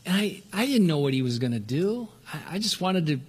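An older man preaching from the pulpit, his voice sitting a little high for a man. He talks earnestly and often stumbles into restarts. He pushes his pitch up further whenever he stresses a point. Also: big pitch swings, brisk, slightly rough. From Southern California. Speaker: pastor. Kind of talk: sermon.

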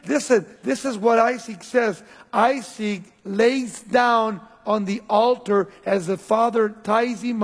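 A man preaching a sermon as pastor, swinging between loud, high calls and low, quiet passages. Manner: preaching with wide swings of pitch and loudness. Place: church. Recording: long reverb in a church hall.

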